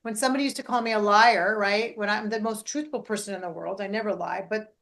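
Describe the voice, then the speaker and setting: A middle-aged woman, a life coach and podcast host, talking in a casual, animated way and often checking in with "right?". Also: mid-range voice, fast. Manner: animated, keeps adding "right?".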